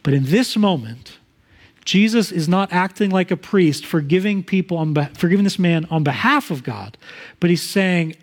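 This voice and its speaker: High-voiced preaching man, earnest. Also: moderate pace. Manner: earnest teaching with lively hypothetical examples. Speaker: pastor. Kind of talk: sermon.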